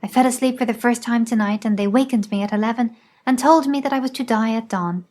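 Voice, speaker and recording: A woman reading aloud, voicing a dying middle-aged father who speaks gently and steadily. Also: on the high side, quick pace, close to an everyday voice. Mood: tender.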